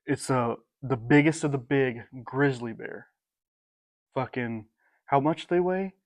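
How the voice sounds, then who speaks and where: A man's voice: medium pitch, slow pace, no room sound. Laid-back young man, casual and profane. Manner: laid-back, profane, says dude and like a lot. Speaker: podcast co-host. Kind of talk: casual chat.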